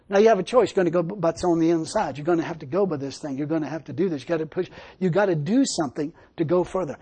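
A man's voice: high-pitched, fast, warm tone, slightly rough. A male preacher giving a sermon, telling stories emphatically and laughing often.

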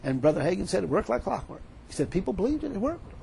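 Animated man preaching, gravelly and husky. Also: sits high, fast talker, slight background noise, poor audio. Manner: animated preaching, retelling a story with quoted dialogue. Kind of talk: sermon.

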